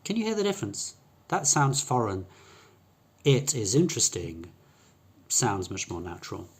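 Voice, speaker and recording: A man's voice: fairly low pitch, sing-song, a little fast, slightly rough. A man teaching English pronunciation, explaining patiently with fillers and restarts and demonstrating sounds by contrasting them. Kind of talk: pronunciation lesson.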